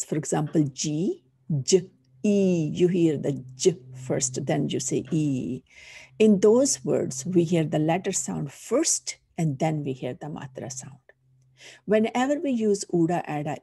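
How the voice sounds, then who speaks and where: A woman's voice: low-pitched, vocal fry, warm tone, slightly rough, dry recording, clean studio sound. A woman with a Punjabi accent, a teacher patiently explaining a lesson step by step. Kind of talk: recorded online lesson.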